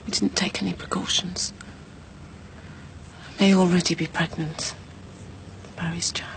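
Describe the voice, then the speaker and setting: A woman playing a hushed, troubled young woman. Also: lowish voice, moderate pace, a little hiss or hum, natural voice. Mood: distressed. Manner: quiet, hushed and distressed confiding. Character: troubled young woman trapped in a bad deal. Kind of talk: TV soap drama acting.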